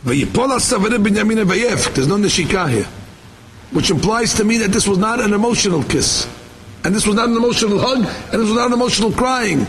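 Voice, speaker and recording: High, gravelly-voiced man giving a sermon. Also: animated, a little hiss or hum, low-quality recording. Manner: rapid Hebrew quotes, rhetorical questions. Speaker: rabbi giving a Torah class. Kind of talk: Torah sermon mixing English and Hebrew.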